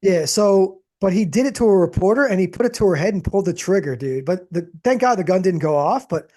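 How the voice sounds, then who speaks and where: A man's voice: high-pitched, animated, fairly quick, warm tone. A man co-hosting a podcast in rambling casual chat, restarting his sentences and tossing in dude and man. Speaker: podcast co-host.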